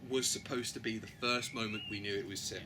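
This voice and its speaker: A man's voice: lowish voice, steady tone, fairly quick, noisy background. A man in a casual fan review chat, chatty and jokey, co-hosting a podcast. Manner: chatty, jokey, breaks into mock voices. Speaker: podcast co-host.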